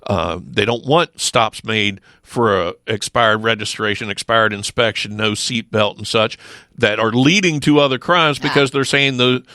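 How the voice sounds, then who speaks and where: A middle-aged man speaks as a regular guest in a radio studio. His voice is bright and forceful, and the close mic gives a dry sound. His talk is emphatic, with rhetorical questions and quick restarts. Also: lowish voice, no echo. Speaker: sheriff's office lieutenant, regular guest. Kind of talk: casual studio chat.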